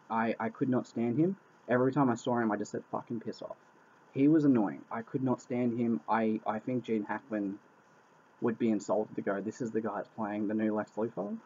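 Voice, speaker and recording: A man's voice: mid-range voice, darkish tone, slightly rough. Exasperated, swearing man on a dull recording. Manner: exasperated, swears a lot, repeats himself. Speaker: movie reviewer. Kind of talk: casual spoken film review.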